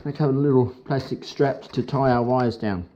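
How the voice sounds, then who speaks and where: A man's voice: medium pitch, steady tone, moderate pace, warm tone, highs cut off, slight background noise. A man casually explaining a motorcycle job step by step in a chatty, upbeat way. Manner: chatty, upbeat, talks through each step. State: has hiccups. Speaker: motorcycle vlogger. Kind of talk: casual how-to talk.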